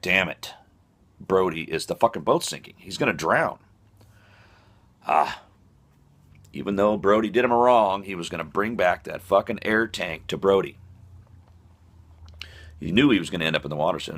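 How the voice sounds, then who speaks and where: Deep-voiced man ranting, profane. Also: a little fast. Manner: profane, rambling with fillers. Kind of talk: comic monologue.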